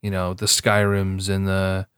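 A man's voice: sits low, completely flat delivery, measured pace, a bit bright, clean tone, dry recording, clean studio sound. A tired man co-hosting a casual gaming podcast, grumbling and sarcastic, with the odd swear. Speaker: podcast co-host.

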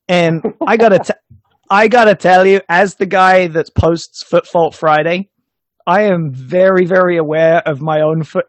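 Guy co-hosting a podcast, kinda high voice, tells stories with laughs, dry close mic. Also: no room sound. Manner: animated, laughs while telling stories. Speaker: podcast co-host. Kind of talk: casual storytelling chat.

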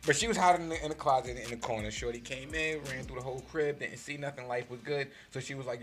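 Fast-talking animated New man. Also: mid-range voice. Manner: animated, slangy storytelling with acted-out quotes. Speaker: podcast guest. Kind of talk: casual storytelling.

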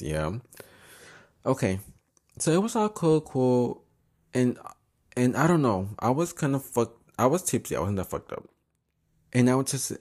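Young man, twenties, low voice, profane, chatty podcast host, switching. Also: a little mellow. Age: 20s. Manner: profane, chatty, switches between English and Spanish, laughs often. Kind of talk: casual storytelling monologue. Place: home.

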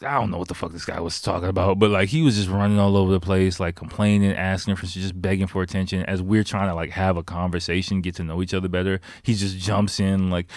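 A man's voice: low-pitched, fairly even intonation, quick pace, hardly any pauses, no room sound, clean studio sound. A man casually telling a personal story, rambling and swearing, with many fillers like "like" and "you know.".

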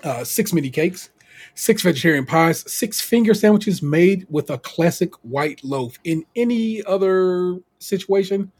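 Husky-voiced man co-hosting a podcast. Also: high-pitched, a little slow. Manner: animated, slangy, laughs often. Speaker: podcast co-host. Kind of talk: casual recap chat.

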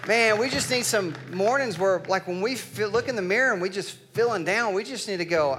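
A middle-aged man preaching in a bright, forceful voice that sits a little high for a man. He moves from casual storytelling to loud, emphatic declarations. Faint music plays underneath. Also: a little fast, hardly any pauses. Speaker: pastor. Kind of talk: sermon.

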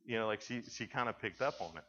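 A young man speaking to junior high students, telling stories in a conversational way with frequent restarts. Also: lively intonation, fast talker, pushed and bright, long reverb tail, a little hiss or hum. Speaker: youth speaker. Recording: dull lo-fi sound.

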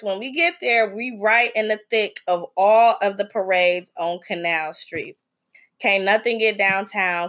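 A woman hosting a podcast, telling a travel story in a blunt, profane, animated way. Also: mid-range voice. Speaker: podcast host. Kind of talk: casual storytelling.

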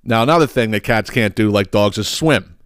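A man's voice: lowish voice, a little fast, a bit bright, smooth, no echo, studio quality. A man hosting a podcast, ranting heatedly with plenty of profanity. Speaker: podcast host.

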